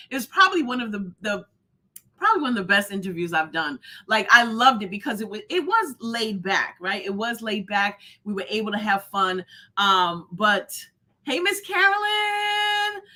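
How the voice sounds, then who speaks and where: A woman's voice: mid-range voice, expressive, normal speed, pushed and bright. Effusive woman hosting a live stream. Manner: effusive, greets viewers by name; rambling, many fillers and restarts. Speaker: host of a live show. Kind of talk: casual live-stream chat.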